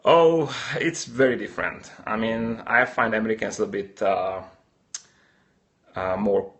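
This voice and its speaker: During his live coffee-brewing stream, this host from Slovakia talks casually and picks up viewer comments as they come. He speaks at a measured pace in a lowish, fairly bright voice, with a Slovak-Hungarian accent.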